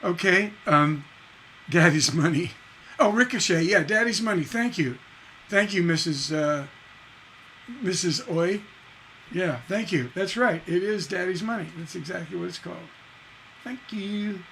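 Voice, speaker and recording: A man's voice: high-pitched, unhurried, gravelly, long pauses, sharp tone, a little hiss or hum. A man teaching a live-streamed songwriting lesson, casually explaining lyric stresses, singing and humming lines and tapping out da-da rhythms to show them. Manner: explains casually, checks in with "right?" and answers chat. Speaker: songwriting instructor.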